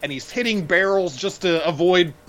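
A man's voice: sits high, moderate pace, fairly bright tone, slight background noise. A man co-hosting a casual film podcast, thinking aloud and rambling with fillers as he gives his opinions. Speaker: podcast co-host.

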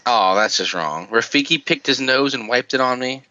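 A man's voice: medium pitch, animated, normal speed, bright, forceful tone, highs cut off. A man hosting a casual podcast chat, rambling, swearing and often laughing.

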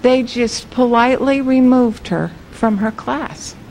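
A woman's voice: a little high, darkish tone, slight background noise, rough recording. Earnest woman preaching a story. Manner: earnest, emphatic, slows down on key words. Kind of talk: sermon storytelling.

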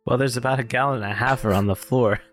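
A man's voice: mid-range voice, steady tone, fast, faint music behind, close to an everyday voice. A man in an improv comedy scene voicing a broke, scheming male mouse with a put-on Australian accent and a laid-back, hesitant drawl. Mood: pleading.

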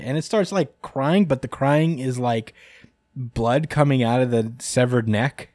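A man's voice: medium pitch, measured pace, no room sound, clean studio sound. A man hosting a podcast, recapping a chapter in a casual, rambling way with frequent laughs. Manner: rambling, lots of ums and laughs. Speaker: podcast host.

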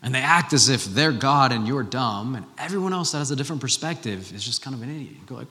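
Pastor guy in his 30s preaching, chatty and animated, bright tense voice, big reverb from the church. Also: mid-range voice, fast talker, few pauses. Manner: conversational and animated, with rhetorical questions. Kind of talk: sermon.

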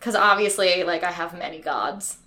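A woman co-hosting a podcast, excitable and giggly, quick to react. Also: lowish voice. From New York, USA. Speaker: podcast co-host. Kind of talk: casual podcast chat.

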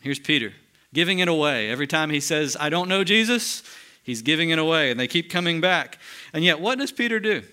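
A man preaching a sermon, moving between lively emphasis and hushed, slow solemn passages. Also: fairly high pitch. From United States. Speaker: pastor.

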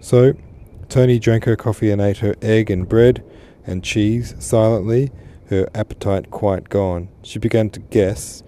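A man reading a classic novel aloud as a podcast host, steady and unhurried. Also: fairly low pitch. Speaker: podcast host, literature reader. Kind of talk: audiobook narration.

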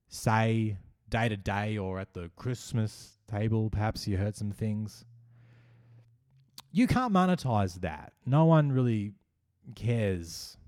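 An Australian man hosting a satirical comedy monologue, with a dry, sardonic delivery and pauses. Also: fairly low pitch, a little mellow, no echo. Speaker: comedian host.

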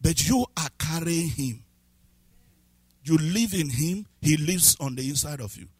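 A man preaching a sermon as a pastor, swinging from low asides to shouted, half-sung lines and repeated questions to the congregation. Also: lively intonation, unhurried, husky, no room sound. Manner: breaks into speaking in tongues.

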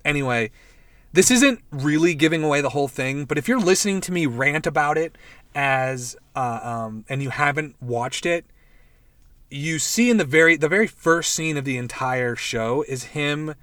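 A young man hosting a casual podcast, excitedly recapping and reviewing a show in a rambling, profane way. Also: on the high side, moderate pace, no room sound. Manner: rambling, profane, animated retelling with quoted voices. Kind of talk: casual chat.

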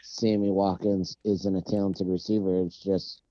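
A man breaks in with calm, measured points about his team. His voice sits low and very dark, and the sound is dull and muffled. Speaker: podcast co-host. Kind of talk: casual sports chat.

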